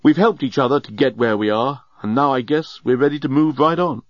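A man reading aloud as a quiet, conciliatory man, calm and gently resigned. The sound is close and dry, with a dull, muffled top end, as in a plain audiobook studio read. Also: medium pitch, fairly quick, no echo, natural voice.

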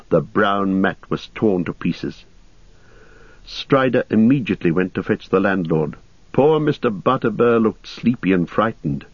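A man reading an audiobook in a steady, measured storytelling voice, on a dull lo-fi recording. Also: on the low side, slightly rough, dry recording. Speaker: audiobook narrator. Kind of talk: scripted narration.

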